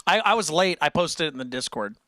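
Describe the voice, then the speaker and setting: A man's voice: a little high, lively intonation, quick pace, bright, forceful tone, no echo, clean studio sound. A man hosting a casual livestream, rambling and breaking off mid-sentence as he reads chat aloud. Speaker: livestream host.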